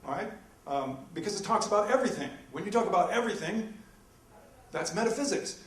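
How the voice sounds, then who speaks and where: A man, a philosophy professor, giving a debate presentation in a lecture room, talking in an animated lecturing way with many ums and uhs. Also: high-pitched, fairly quick, far from the mic. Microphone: distant from the microphone. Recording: echoey room recorded from afar.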